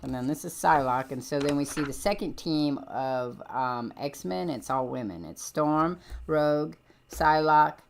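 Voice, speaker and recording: A woman's voice: sits low, a little slow, gravelly, a little hiss or hum. A woman hosting a livestream, chatting casually and rambling as she jumps between points with lots of ums. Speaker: livestream host. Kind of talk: casual chat about comics.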